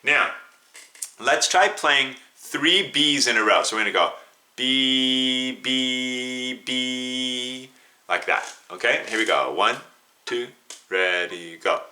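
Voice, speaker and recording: Bright-voiced man teaching beginner flute. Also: fairly low pitch, expressive, a little slow, a little hiss or hum. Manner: patient, encouraging, counts students in; sings note names and tonguing syllables. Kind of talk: beginner music lesson.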